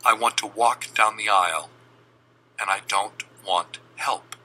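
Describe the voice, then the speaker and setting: A man voicing his adult sister, speaking quietly and earnestly. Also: on the low side, measured pace, a little hiss or hum, pitched below the performer's own voice, poor audio. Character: shy grown woman asking her brother's approval.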